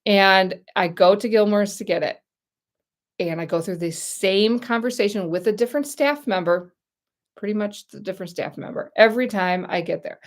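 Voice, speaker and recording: Exasperated American woman telling a story. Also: mid-range voice. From United States. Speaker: livestream host. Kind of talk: casual chat, storytelling.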